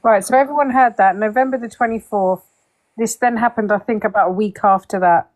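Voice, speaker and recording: A woman's voice: mid-range voice, brisk, low-quality recording. A woman with a southern English accent hosting a commentary video, speaking precisely and in a clipped, defensive tone. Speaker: commentary host.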